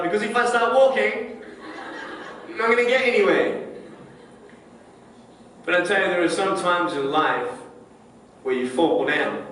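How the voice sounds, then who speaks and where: A man's voice: sits high, pushed and bright, distant mic. Playful man giving a motivational talk. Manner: playful, joking, asks the crowd questions. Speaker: motivational speaker. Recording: clip played in an echoey hall, heard from afar with music.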